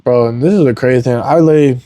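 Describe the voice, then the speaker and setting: A man's voice: medium pitch, very fast, dark tone, dry recording, clean studio sound. A young adult man, a fighter on a podcast, talking candidly and earnestly, rambling with lots of "like" and "man". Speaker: podcast guest, MMA fighter. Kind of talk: candid emotional interview talk.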